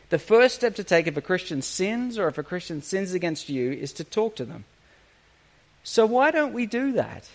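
Lively, high-voiced male preacher. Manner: earnest, uses rhetorical questions and sarcasm. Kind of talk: sermon.

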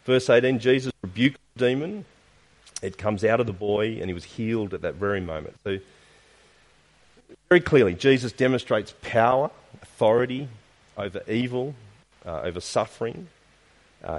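A man preaching a sermon, posing rhetorical questions and tagging points with "isn't it?". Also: medium pitch. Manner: asks rhetorical questions with frequent tag questions. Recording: long reverb of a large hall.

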